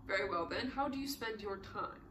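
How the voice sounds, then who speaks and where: A woman's voice: medium pitch, animated, fairly quick, roomy sound, noisy background, close to an everyday voice. A woman voicing a cold, probing male prosecutor who questions in a clipped manner. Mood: stern. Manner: clipped, interrogating.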